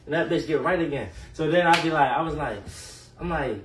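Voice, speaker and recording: A man telling a casual storytime in an animated, slangy way full of fillers and profanity. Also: fairly high pitch, fairly quick. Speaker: storyteller vlogger. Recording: echoey room, mic at a distance, faint noise.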